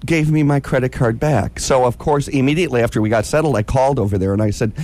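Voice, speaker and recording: A man telling a comic travel story in a casual chat, animated and excitable, often mimicking other people's voices. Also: mid-range voice, fast. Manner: self-described impatient, excitable.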